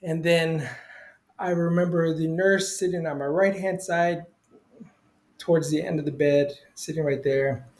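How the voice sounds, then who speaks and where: A middle-aged man recounts his experience in loose, casual speech, circling back and padding his sentences with fillers. His voice sits a little higher than most men's. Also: steady tone, measured pace, a little mellow. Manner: rambling, many fillers like "you know"; acts out quoted voices with big pitch jumps. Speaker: interview guest, spiritual healer. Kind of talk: casual storytelling.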